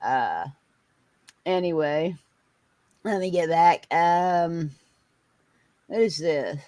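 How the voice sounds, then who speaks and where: Middle-aged woman host, animated anecdote teller, dry close mic. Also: on the low side, extremely slow, no room sound, poor audio. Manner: animated storyteller, acts out quotes, laughs often. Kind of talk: casual storytelling chat.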